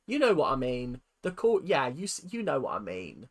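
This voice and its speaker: A British woman hosting a reaction video, ranting with sarcasm and exasperation. Her voice sits on the low side for a woman, but it swoops widely up and down as she gets worked up. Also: very animated, a little fast, few pauses.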